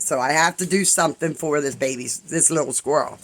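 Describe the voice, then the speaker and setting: A man's voice: fairly high pitch, fairly quick, hardly any pauses, a bit bright, rough recording. A man in his fifties telling a casual story in a rambling way, full of asides and acted-out quotes. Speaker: vlogger.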